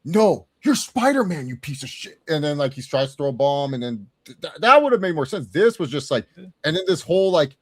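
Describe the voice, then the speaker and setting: A young man co-hosting a casual movie review chat, animated and swearing freely as he acts out quotes. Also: fairly high pitch, a little fast, no echo, clean studio sound. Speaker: co-host of a movie review show.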